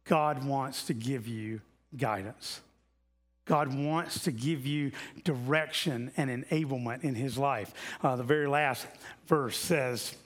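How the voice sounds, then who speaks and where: A man preaching a sermon to a church congregation in a conversational way, repeating key lines and slowing down for emphasis. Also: mid-range voice, fairly bright tone. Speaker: pastor.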